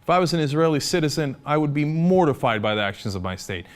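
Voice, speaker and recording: American man, young adult, somewhat high voice, sarcastic, indignant commentary. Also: big pitch swings, fast, clear, resonant tone. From United States. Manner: indignant and sarcastic, mocks opponents in put-on voices. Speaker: political commentator. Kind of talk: opinion commentary.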